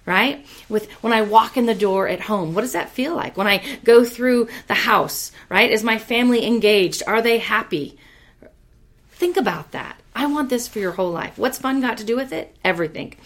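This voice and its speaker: A woman with a somewhat high voice gives a motivational talk as a host. She is energetic and emphatic, leaning on repeated phrases. Her tone stays casual and she swears lightly. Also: normal speed. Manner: casual, peppered with mild swearing. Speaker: podcast host and business leader.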